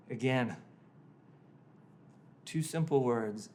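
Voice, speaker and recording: Dramatic pastor preaching with loud-hushed swings. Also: male voice, on the high side, moderate pace, pauses often. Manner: dramatic retelling with sharp shifts between loud and hushed. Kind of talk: sermon.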